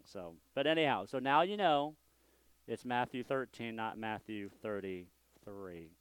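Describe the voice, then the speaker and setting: A man's voice: mid-range voice, moderate pace, clean tone, dry recording. A male senior pastor giving a conversational, self-deprecating sermon from a church sanctuary, with frequent restarts.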